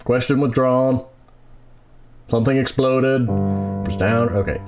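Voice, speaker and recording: A man's voice: medium pitch, steady tone, measured pace. A man playing a video game and chatting wryly, joking about what he sees on screen. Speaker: gamer. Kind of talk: let's play commentary. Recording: loud game music behind.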